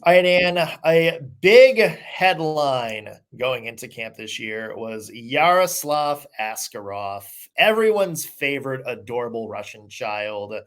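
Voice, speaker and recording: A man's voice: medium pitch, very animated, takes it slowly, hardly any pauses, fairly bright tone. A man hosting a sports podcast, chatting casually in an upbeat way with lots of fillers. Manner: upbeat, conversational with many fillers. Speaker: podcast host.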